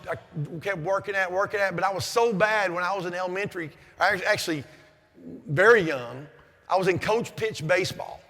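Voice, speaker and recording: A man in his fifties giving a loud, forceful motivational speech at a conference. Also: sits high. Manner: loud, forceful, self-described aggressive and over the top. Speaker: conference keynote speaker. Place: large conference hall. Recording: long hall reverb.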